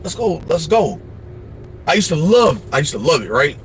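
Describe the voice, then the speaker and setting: A man's voice: a little high, sing-song, moderate pace, a little hiss or hum. Blunt, profane man giving life advice. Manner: mimics others in asides. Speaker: livestream host. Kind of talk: casual advice monologue.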